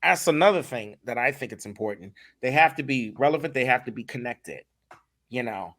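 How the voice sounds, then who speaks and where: A man talking as a guest in a casual podcast interview, animated and emphatic, often repeating his words. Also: mid-range voice, fairly quick. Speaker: voice acting director, guest.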